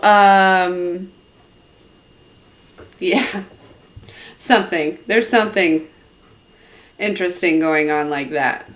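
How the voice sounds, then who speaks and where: A woman's voice: lowish voice, slow, pauses often. A woman giving a live tarot reading, rambling and hesitant with many fillers. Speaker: tarot reader. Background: dog in the room.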